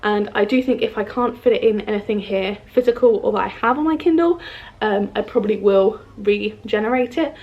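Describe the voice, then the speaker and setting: A woman's voice: medium pitch, a little fast, dull audio. Chatty young woman, bubbly and rambling. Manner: chatty, bubbly, filler-heavy with lots of "like" and "um". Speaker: book vlogger. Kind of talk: casual chat to camera. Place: home room in front of a bookshelf.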